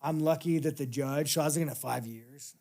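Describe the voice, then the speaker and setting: A man's voice: on the high side, fairly quick, darkish tone. A man as an interview guest, telling stories in a blunt, profane, casual way and laughing as he talks.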